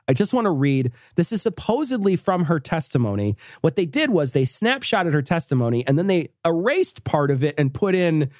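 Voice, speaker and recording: A man's voice: a little high, very animated, normal speed, hardly any pauses, a little mellow, dry recording, studio quality. A man co-hosting a podcast in casual, giggly comedic chat, rambling and restarting his sentences. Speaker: podcast co-host.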